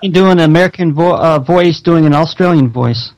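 Fumbling man co-host, slightly high. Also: fairly quick, a little mellow, highs cut off. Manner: fumbling, hesitant questions. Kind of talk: casual interview chat.

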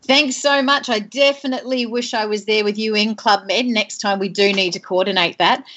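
A woman's voice: mid-range voice, steady tone, moderate pace, a bit bright, muffled recording. A woman speaking as a guest on a podcast, polite and friendly. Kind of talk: casual interview.

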